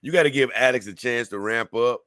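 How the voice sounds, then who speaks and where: A man hosting a reaction show, commenting in a laughing, excitable, slangy way. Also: mid-range voice, brisk, dry recording, clean studio sound. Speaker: reaction host.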